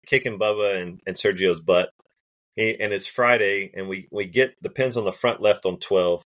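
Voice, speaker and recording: A man, a golf caddie and podcast guest, telling stories in a relaxed, chatty way and acting out the voices of people in his stories. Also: fairly low pitch. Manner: animated, laughs often, acts out quoted voices. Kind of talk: casual storytelling.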